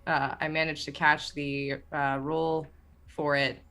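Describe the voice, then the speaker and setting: A woman in casual chat between tabletop game sessions, excitable and rambling, swearing freely. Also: low voice, a little slow. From Canada.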